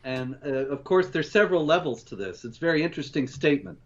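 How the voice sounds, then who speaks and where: Measured man with a dull, lo-fi sound. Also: fairly high pitch. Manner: measured, steady, with fillers. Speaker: co-host. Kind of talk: news rundown commentary.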